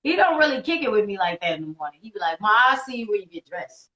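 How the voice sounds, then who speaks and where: A woman's voice: mid-range voice, fast, roomy sound, dull audio, a crowd in the background. A woman in her thirties co-hosting a casual live talk show, laughing often and telling stories with energy. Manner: laughs often, animated storytelling. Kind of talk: casual banter on a live stream.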